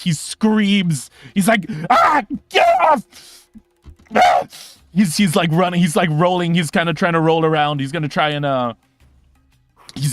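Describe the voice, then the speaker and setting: A young man running a tabletop game as game master, narrating in an animated, fast way with sound effects and quick restarts. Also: a little high, no echo.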